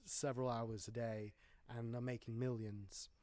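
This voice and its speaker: A man's voice: medium pitch, little pitch movement, moderate pace, a little mellow, no echo. Chatty man on a podcast. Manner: chatty, rambling, wry jokes. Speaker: podcast host. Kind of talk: casual film podcast chat.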